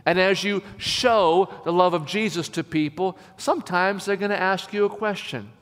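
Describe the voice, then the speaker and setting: Pastor guy giving a sermon, leans on key words, pretty high voice. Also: fairly bright tone. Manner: emphatic, slows down to stress key phrases. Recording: long hall reverb.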